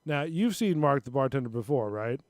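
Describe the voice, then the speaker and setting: A man's voice: mid-range voice, expressive, fairly quick, a little mellow, dry recording, studio quality. A man hosting a casual live-stream talk show, rambling and retelling stories with little voices. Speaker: show host.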